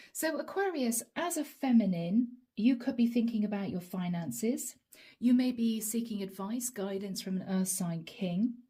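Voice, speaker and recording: A woman's voice: fairly high pitch, dark tone, breathy edge. A woman giving a chatty tarot reading, speaking straight to her viewers. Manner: chatty, addresses viewers directly as "guys" and "Aqua". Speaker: tarot reader. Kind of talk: channeled tarot reading to camera.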